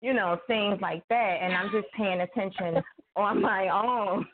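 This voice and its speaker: A woman's voice: medium pitch, a little slow, background noise. A woman author chatting casually, telling stories and acting out quoted lines with laughter. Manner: animated storyteller, acts out quotes, laughs often. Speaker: guest author. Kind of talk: casual chat. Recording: tinny phone-like line.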